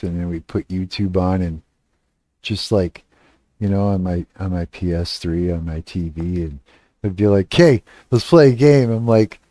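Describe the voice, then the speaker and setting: Guy rambling on his livestream, slow and dry, swears a lot, trails off, laughs. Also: low voice, mellow, no room sound. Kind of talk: casual rambling livestream chat.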